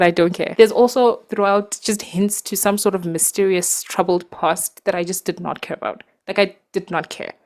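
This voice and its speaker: A woman talking casually about books to her viewers, animated and exasperated, with lots of fillers and laughs, recorded in a dark room at night. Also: medium pitch. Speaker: booktuber. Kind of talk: casual ranting book review.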